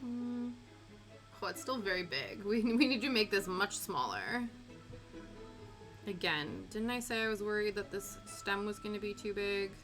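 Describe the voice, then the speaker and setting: Bright-voiced Canadian woman chatting. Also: mid-range voice, expressive, a little slow. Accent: English Canadian. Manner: chatty, laughs often, answers chat. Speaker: streamer. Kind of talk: casual chat while crafting. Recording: soft music under the voice. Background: quiet background music.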